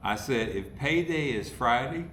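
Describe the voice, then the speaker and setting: A comedy writer from Ohio, USA, appears as a podcast guest, telling stories in a casual chat. He's an animated raconteur who acts out and voices the people he quotes, speaking in a mid-range voice at a measured pace. The room is roomy and echoey, with faint hiss and background noise.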